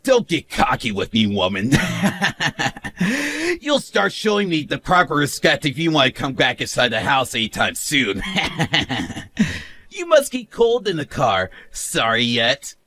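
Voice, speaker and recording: A man's voice: medium pitch, very animated, normal speed, few pauses. A man voicing a smug, cruel young husband who mocks his wife and laughs at her. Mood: gloating. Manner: sneering, mocking laughs, shouts. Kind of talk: animated story narration.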